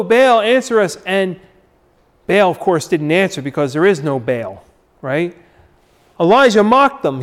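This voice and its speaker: A man preaching a sermon, slow and emphatic, repeating his key phrases and dramatically acting out the quoted figures. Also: sits high.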